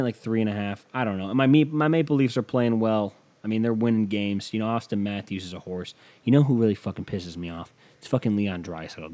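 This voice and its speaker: A man's voice: fairly low pitch, dark tone. A man hosting a casual solo podcast, offhand and profane as he reads betting odds aloud. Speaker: podcast host.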